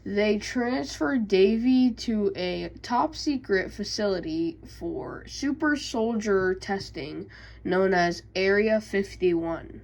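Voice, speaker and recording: A woman's voice: medium pitch, slow, creaky, darkish tone, slight background noise, poor audio. A woman casually recapping video game lore, hesitant, with many fillers and self-corrections. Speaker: YouTube creator.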